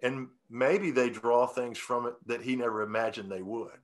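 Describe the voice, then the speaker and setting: A male songwriter talking in a relaxed, rambling interview, often restarting his sentences and chuckling as he explains how he came to write a song. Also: mid-range voice, moderate pace. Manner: rambling, self-correcting, chuckling. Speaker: songwriter guest. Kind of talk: casual interview talk.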